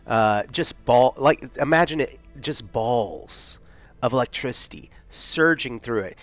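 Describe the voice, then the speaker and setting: A man's voice: mid-range voice, measured pace, no room sound. A man narrating as game master in a tabletop game, rambling and often searching for words.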